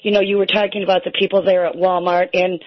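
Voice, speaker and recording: A woman's voice: lowish voice, level tone, fast, no echo. A woman calling into a radio show, friendly and a bit hesitant, with many ums. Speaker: caller. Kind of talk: call-in radio talk. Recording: slightly muffled dry broadcast audio.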